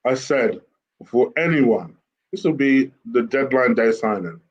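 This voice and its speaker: A man calmly giving his views in a football chat, pausing often with ums. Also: mid-range voice, lo-fi sound. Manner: calm, measured, hesitant with ums. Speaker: football podcast co-host.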